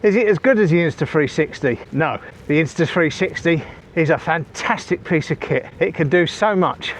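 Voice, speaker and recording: Riding his bike outside, a man with a slightly high voice chats to his viewers at a moderate pace, somewhat winded. A small wireless clip-on mic picks him up along with faint outdoor noise.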